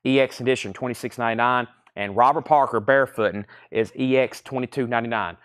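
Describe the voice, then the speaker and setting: A man hosting a live online record sale. He briskly lists titles and prices and repeats them as he goes. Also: mid-range voice, fairly bright tone. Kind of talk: live online sales stream.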